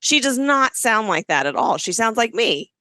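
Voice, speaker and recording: Bright, animated woman in her forties. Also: a little high, moderate pace, no room sound. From Alabama. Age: 40s. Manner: animated storyteller. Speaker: podcast co-host, guest. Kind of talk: casual chat.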